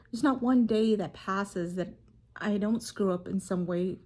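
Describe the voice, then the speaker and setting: A mother speaking earnestly and haltingly to camera, telling a heartfelt story as a devotional reflection. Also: medium pitch, darkish tone. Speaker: mother sharing a faith reflection. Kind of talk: casual devotional talk to camera.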